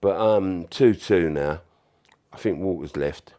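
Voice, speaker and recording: A former footballer recounting his playing days in a casual interview, animated and full of swearing, often acting out what others said. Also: low voice, slow pace. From England. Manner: animated, swearing, acts out quoted voices. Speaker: former footballer, podcast guest.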